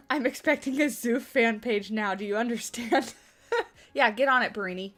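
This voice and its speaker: A woman's voice: on the high side, normal speed, fairly bright tone, faint music behind. A woman hosting a game livestream, chatting casually with her viewers, answering their questions and laughing often. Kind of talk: casual livestream chat while building in a game.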